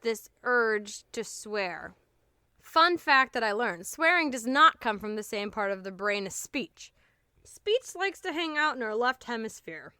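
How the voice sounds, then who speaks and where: A woman hosting a casual comedy podcast, her voice bright, smooth and a little high. She jokes and swears freely and laughs often, recorded close and dry. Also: big pitch swings, measured pace, no room sound. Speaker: podcast co-host.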